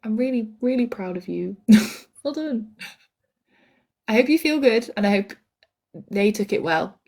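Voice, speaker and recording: A woman's voice: fairly high pitch, lively intonation, unhurried, darkish tone. A young woman co-hosting a live podcast stream, reading out listener comments in a giggly, easily amused way. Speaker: podcast co-host. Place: indoors at a shared table.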